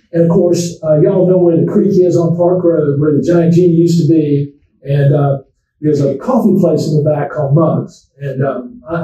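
An older man gives a relaxed, folksy talk as a memory doctor. His voice is mellow and sits a little high, and it keeps turning to the crowd with asides. He is recorded from a distance in a very echoey room. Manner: folksy storytelling, addresses the audience directly. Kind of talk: conversational public talk to seniors.

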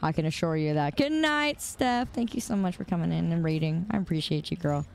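A woman's voice: fairly low pitch, animated, a little fast, gravelly, a little mellow. Chatty woman streamer, noisy clicks. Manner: chatty, greets chat by name, laughs often. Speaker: live streamer. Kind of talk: casual live-stream chat while gaming.

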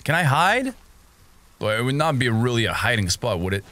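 A young man narrates his horror game run in a bright, ringing voice that swings widely up and down. He talks to himself the whole way through and yelps and gasps whenever something jumps out at him. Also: medium pitch, very animated, normal speed. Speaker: gaming streamer. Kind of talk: horror game playthrough commentary.

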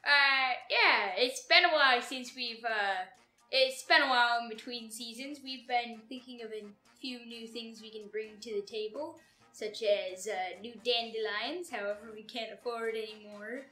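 A performer voicing a dim, cheerful male comedy character who co-hosts, rambling and halting in sketch banter, in an echoey room. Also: mid-range voice, sharp tone, soft background music, lightly acted. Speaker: co-host.

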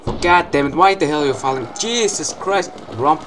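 Excitable swearing young man gaming. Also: on the high side, moderate pace, noisy background. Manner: excitable, swears a lot, loud outbursts and laughs. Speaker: gameplay commentator. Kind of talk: gameplay commentary.

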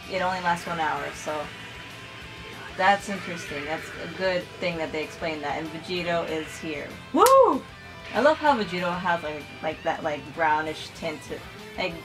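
A woman's voice: mid-range voice, low-quality recording. Young woman freaking out over an anime ep, lots of "like" and swearing, show music going in the background. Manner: excitable, swears freely, lots of "like". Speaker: reaction channel host. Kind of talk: casual reaction commentary. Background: anime episode audio playing.

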